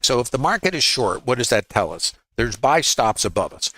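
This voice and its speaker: A man's voice: medium pitch, very animated, normal speed, bright, forceful tone, no room sound. A man with a Brooklyn accent teaching a livestream trading lesson in a folksy way, asking rhetorical questions and tossing off quips. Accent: New York, Brooklyn. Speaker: trading educator. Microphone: laptop.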